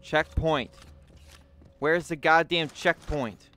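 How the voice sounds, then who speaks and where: A young man commentating on a shooter game, swearing and getting frustrated, yelling at the enemies. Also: fairly high pitch, slow pace. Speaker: gaming commentator.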